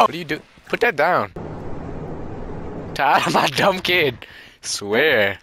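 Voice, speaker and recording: A young man doing casual gaming commentary, laughing often and breaking into sudden high-pitched yells. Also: expressive, takes it slowly, long pauses, slight background noise. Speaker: gaming channel host.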